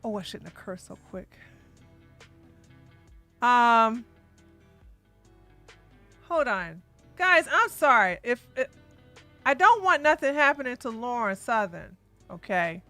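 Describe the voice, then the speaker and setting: Brief: high, bright woman streamer, lively chatter, dry mic with soft music under it. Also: slow, long pauses, dry recording. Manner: animated, chatty, swings to loud outbursts. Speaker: livestream commentary host. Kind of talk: casual livestream commentary.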